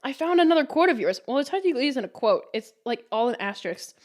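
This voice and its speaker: A young woman hosting a relaxed, chatty podcast. Her voice sits a little higher than most. She tells stories easily and jumps into a higher voice to act out what other people said. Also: quick pace. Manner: chatty storyteller, acts out customers' lines in a high voice. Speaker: podcast host. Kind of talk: casual chat.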